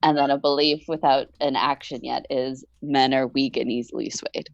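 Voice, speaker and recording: A woman's voice: very deep voice, steady tone, moderate pace, vocal fry, lo-fi sound, slight background noise. A woman playing a tabletop game who reads out her character notes in a hesitant, methodical way. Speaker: player. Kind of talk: reading character notes aloud.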